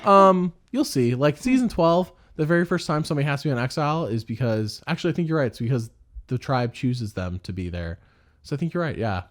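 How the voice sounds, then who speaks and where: Guy cohosting a podcast, super animated voice, rambles and laughs a lot, does little voices for quotes. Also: mid-range voice, brisk. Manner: rambling, laughs often, mimics people in quotes. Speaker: podcast co-host. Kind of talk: casual chat.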